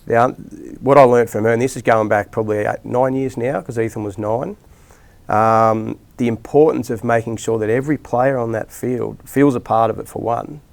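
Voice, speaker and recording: In a casual interview, a middle-aged Australian rugby league coach tells meandering stories, frequently restarting and filling pauses. His voice is gravelly, medium-pitched and steady, at a normal speed.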